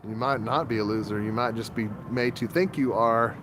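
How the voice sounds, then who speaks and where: Outside with his phone, a male streamer talks at normal speed in a medium-pitched voice, rambling casually across topics and responding to viewers, with background noise audible throughout.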